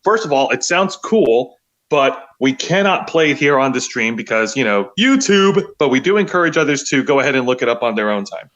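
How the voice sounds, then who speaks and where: A man's voice: mid-range voice, very animated, a little fast, fairly bright tone, highs cut off. A man co-hosting a casual livestream, chatting in an easygoing way. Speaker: co-host.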